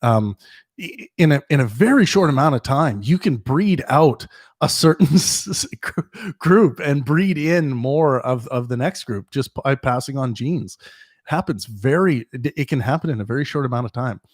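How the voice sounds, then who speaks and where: A man's voice: medium pitch, expressive, moderate pace, dry recording, clean studio sound. A man hosting a casual livestream Q&A, rambling with frequent restarts and chuckling as he answers viewer questions.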